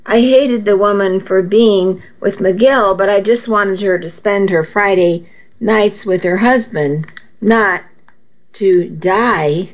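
A woman's voice: medium pitch, slow pace, highs cut off. A woman narrating a novel in the first person with an intimate, confessional reading. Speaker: audiobook narrator.

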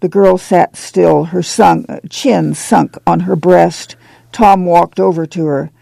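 A man's voice: high voice, steady tone, takes it slowly, creaky, mellow, dry recording. A man reading a novel aloud, with drawled folksy dialogue. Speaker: audiobook narrator. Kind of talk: scripted narration with acted dialogue.

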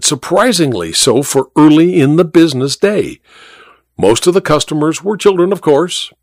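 A man's voice: medium pitch, dry recording. A man reading a first-person period story aloud in a dry, wry storytelling manner. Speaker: audiobook narrator. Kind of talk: scripted first-person narration.

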